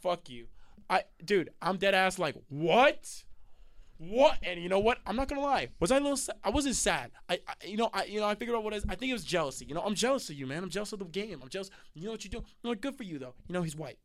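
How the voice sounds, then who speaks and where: A man with a slightly sick, raspy voice, casually telling a rambling, laughing, profane story on a studio podcast. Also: high voice, very animated, racing, fairly bright tone. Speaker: podcast host.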